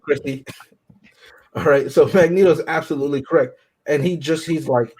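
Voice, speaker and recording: Chatting casually on a podcast's movie review panel, this man has a fairly high, slightly mellow voice, a moderate pace and long pauses, all captured in poor audio. He sounds enthusiastic and keeps tossing out "right?" and "you know what I mean?"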